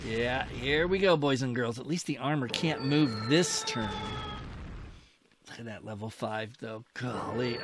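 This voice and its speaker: A man narrating his strategy war game in a casual, thinking-aloud way, with excitable exclamations and old-fashioned mild oaths. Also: mid-range voice, measured pace, a crowd in the background. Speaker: gaming host.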